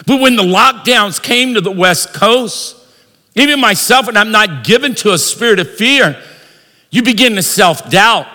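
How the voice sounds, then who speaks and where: A man preaching a sermon as pastor, leading the congregation in call-and-response and rising into shouts. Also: sits high, lively intonation, measured pace. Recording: long reverb of a large hall.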